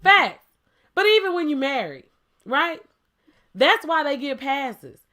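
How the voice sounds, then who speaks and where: Female podcast co-host, high bright voice, emphatic, playful, rhetorical. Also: very animated, takes it slowly. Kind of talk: casual debate chat.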